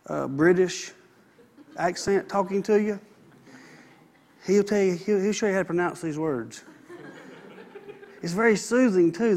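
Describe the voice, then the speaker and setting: A man preaching a sermon in a folksy, conversational way, with asides to the congregation. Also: on the high side. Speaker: pastor.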